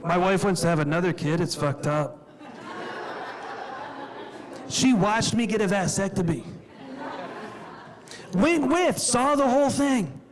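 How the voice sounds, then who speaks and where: A man with a high voice works a comedy club stage, trading crude, self-deprecating stories in a deadpan delivery. He's heard through a live stage mic, with a packed room laughing around him. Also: slow pace, pauses often, some chatter behind. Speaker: stand-up comedian. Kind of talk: stand-up comedy set. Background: audience laughing.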